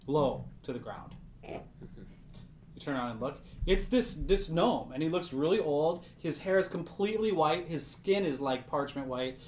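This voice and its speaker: A man's voice: a little high, expressive, unhurried, a little mellow. A man narrating as game master of a tabletop game, loose and chatty with plenty of fillers. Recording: roomy echo with faint background hiss.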